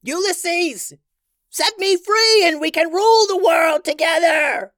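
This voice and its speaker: A man's voice: extremely high pitch, slow pace, fairly bright tone, dry recording, studio quality, pitched above the performer's own voice, exaggerated voice. A man voicing a furious, shrieking female witch queen villain in a storybook reading. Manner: shrieking, desperate.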